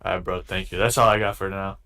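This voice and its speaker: Blunt, slangy low-voiced man. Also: fairly even intonation, fast talker, a crowd in the background. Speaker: interviewer. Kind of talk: online interview.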